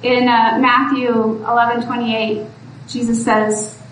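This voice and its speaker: A woman's voice: on the high side, flat delivery, takes it slowly. A woman preacher giving a sermon in an earnest, pleading way that rises to exhortation. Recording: echoey room from far off, faint background noise.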